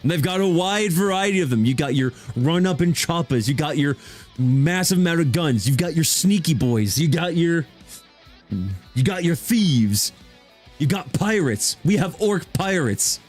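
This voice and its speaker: Excitable rambling young-sounding man. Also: on the high side, measured pace, faint music behind. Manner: enthusiastic, rambling, restarts often. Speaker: VTuber streamer. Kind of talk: casual chat stream.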